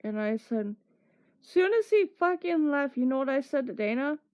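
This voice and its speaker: A woman's voice: sits high, expressive, normal speed, darkish tone. A woman streamer telling a casual story, acting out what people said with laughs between lines. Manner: acts out quotes with laughs. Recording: dull lo-fi stream audio.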